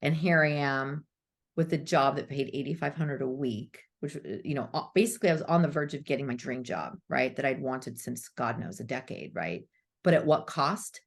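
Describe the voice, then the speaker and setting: Her voice rumbles low with vocal fry, moving at normal speed. She's a spiritual coach in her thirties on a podcast, recounting her story emotionally and candidly, cursing without restraint and playing out who she used to be.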